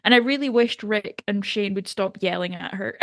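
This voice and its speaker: A woman's voice: medium pitch, normal speed, vocal fry, a bit bright, dry recording. Woman co-host, casual TV recap chat, laughs easily, dry close mic. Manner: enthusiastic, laughs often, acts out quotes. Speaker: podcast co-host.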